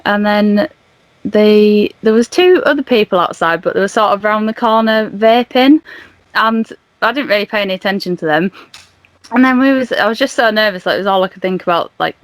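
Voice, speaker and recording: A woman's voice: medium pitch, a little fast, no echo. A young woman guest on a podcast, telling a story casually and animatedly, laughing and acting out the dialogue. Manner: animated, laughing, acts out dialogue in her retelling.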